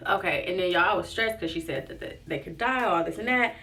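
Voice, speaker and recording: A woman's voice: fairly low pitch, lively intonation, brisk, pushed and bright, recorded from a distance. A young woman vlogger telling a personal story in a casual, chatty way, acting out what people said and often saying "like" and "y'all". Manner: chatty, acts out quotes, says "like" and "y'all" often. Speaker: lifestyle vlogger. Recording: voice a bit off-mic with faint music behind.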